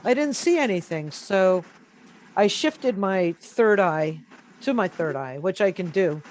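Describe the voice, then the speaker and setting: A man being interviewed, telling a story in a casual, animated way with many fillers. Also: sits high, a little slow. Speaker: interview guest.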